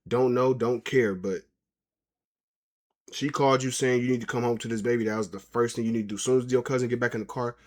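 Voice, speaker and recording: A man's voice: mid-range voice, fairly even intonation, fast talker. A man giving blunt, lecturing commentary in a casual, slangy way. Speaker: reaction commentator.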